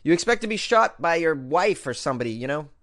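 A man's voice: on the high side, very animated, fast, fairly bright tone. A man hosting a casual comedic news show, reading odd stories aloud and riffing on them with mock outrage. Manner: jokey, reads stories then riffs with mock outrage. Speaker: podcast news host.

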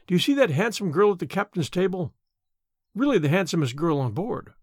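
A man's voice: high voice, big pitch swings, a little fast, slightly rough, no echo, clean studio sound, heavily acted. A man voicing a sentimental lady passenger who talks eagerly and with emphasis in an audiobook.

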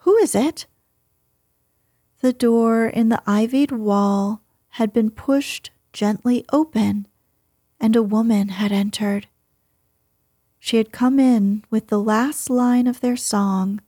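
Woman whispering a bedtime story, super slow, dark and breathy, dry close mic. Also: a little high, no room sound. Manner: soft whisper, slow and gentle.

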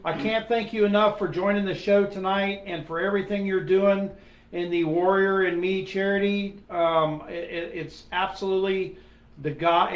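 A man's voice: high voice, muffled recording. A man, a retired police sergeant, chatting casually as a guest, blunt and salty with casual swearing. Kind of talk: casual chat. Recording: echoey room.

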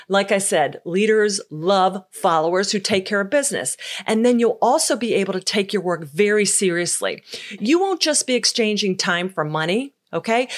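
Woman, middle-aged, podcast host, energetic, emphatic motivational talk. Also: medium pitch.

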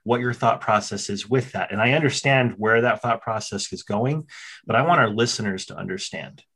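A male podcast host with a somewhat low voice. He interviews a guest candidly, reflects openly on his own reactions, and pauses with hesitant fillers as he frames his questions. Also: fairly bright tone, slightly rough.

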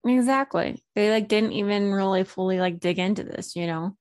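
A woman's voice: mid-range voice, moderate pace, a little mellow, no echo. A woman co-hosting a casual podcast, chatty and a bit sweary, breaking into silly sound effects. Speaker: podcast co-host. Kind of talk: casual chat.

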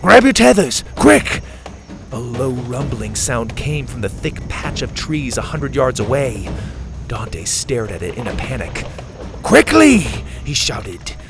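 Guy narrating a kids' adventure story, mid-pitched voice, steady and measured. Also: over music.

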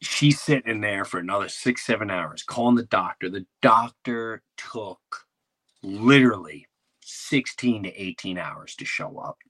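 Husky, forceful man telling a story. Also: on the low side, unhurried. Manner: animated, rambling, acts out quotes. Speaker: podcast host. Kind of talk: comedic storytelling.

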